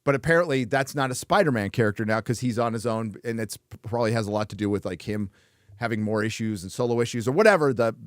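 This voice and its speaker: A man's voice: mid-range voice, fast, no room sound, studio quality. A man hosting a casual chat show, blunt and frequently swearing, laughing between remarks. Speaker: host.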